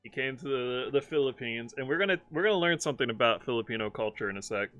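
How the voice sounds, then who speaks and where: A man's voice: medium pitch, fast talker, a bit bright, lo-fi sound, soft background music. A young man from Maryland chatting casually on a live stream, laughing often and slipping into playful impressions as he tells stories. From Maryland, USA. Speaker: streamer host. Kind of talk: casual chat.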